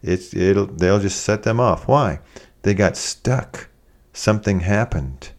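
A man delivering a sermon in a low, gravelly voice. He preaches in a lively, conversational way and acts out the people he quotes. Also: takes it slowly.

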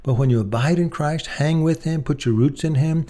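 A man's voice: on the high side, normal speed, warm tone. A man preaching a sermon, earnest and emphatic, speaking directly to his listeners as friends.

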